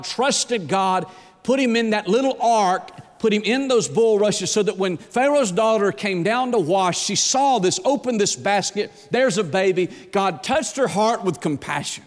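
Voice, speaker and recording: A man preaching a sermon as pastor, impassioned and repeating words as he builds, then dropping to a hushed plea. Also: sits high, long reverb tail.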